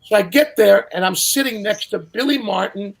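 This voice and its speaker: An older man telling casual anecdotes as a guest, animated and acting out the people he quotes. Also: sits high, moderate pace, gravelly. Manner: animated storyteller who acts out quotes. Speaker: guest storyteller.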